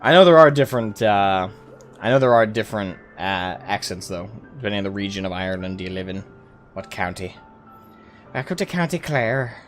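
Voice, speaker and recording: A man's voice: low-pitched, fairly quick. A man streaming a game live, chatting casually with viewers and swearing freely. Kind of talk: casual live gameplay commentary. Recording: faint game music behind.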